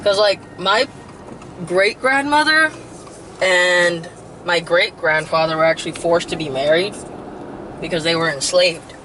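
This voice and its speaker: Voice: mid-range voice, fairly even intonation, moderate pace, noisy background. A young adult rapper speaking candidly as an interview guest, full of "like" fillers. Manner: candid, heavy use of "like" fillers. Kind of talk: casual interview chat.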